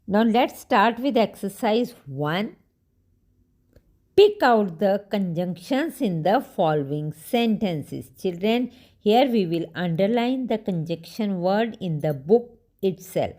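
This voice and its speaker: A woman's voice: medium pitch, expressive, slow pace, warm tone. A woman teaching a grammar lesson to young children, patient, repeating each sentence and spelling words out.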